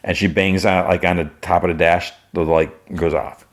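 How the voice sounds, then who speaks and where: A man's voice: sits low, steady tone, moderate pace. A man hosting a podcast, casually recapping a show in a rambling way. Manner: rambling, with many restarts and "he's like". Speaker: podcast host.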